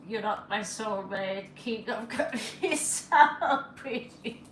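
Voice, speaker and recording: Slow-talking woman reading tarot live. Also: mid-range voice, fairly bright tone. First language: not English. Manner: chatty, laughing, reads cards aloud in broken English. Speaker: tarot reader. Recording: echoey room with faint ambient noise.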